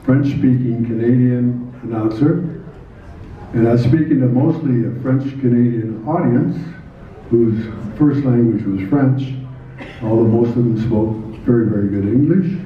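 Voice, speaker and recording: A man's voice: medium pitch, measured pace, a little hiss or hum. An older man from Nebraska gives a meandering acceptance speech, full of "uh" fillers and restarts. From Nebraska, USA. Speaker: hall of fame inductee giving an acceptance speech. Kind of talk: rambling acceptance speech storytelling. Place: large echoey hall at a ceremony. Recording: echoey hall, distant, dull sound.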